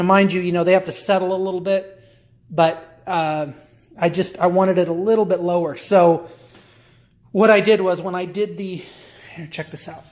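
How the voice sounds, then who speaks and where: A man talking casually through his own car repair job in a DIY vlog, rambling and talking to himself as he works. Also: a little high. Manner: rambling, self-talking, chatty with restarts. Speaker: car hobbyist vlogger.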